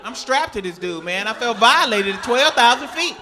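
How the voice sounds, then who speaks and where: High-voiced male stand-up comic. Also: moderate pace, noisy background. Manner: animated storytelling, sudden high-pitched shrieks in acted quotes. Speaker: stand-up comedian. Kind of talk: stand-up comedy set. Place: comedy club stage with a laughing audience. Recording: live club recording with crowd laughter.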